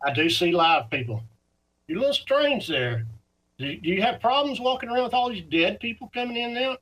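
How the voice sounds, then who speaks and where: A man's voice: extremely high pitch, animated, a little fast, a bit bright, low-quality recording. A man playing a passenger who is an alcoholic in denial, rambling on. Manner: rambling, insists he has no problem.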